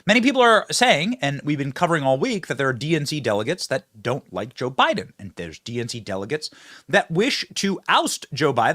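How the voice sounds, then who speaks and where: A man's voice: a little high, sing-song, a little fast, fairly bright tone, no echo, clean studio sound. A man hosting a political commentary show, mocking and sarcastic, laughing at his own jabs. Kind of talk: fast opinionated political commentary. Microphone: close studio mic with earpiece.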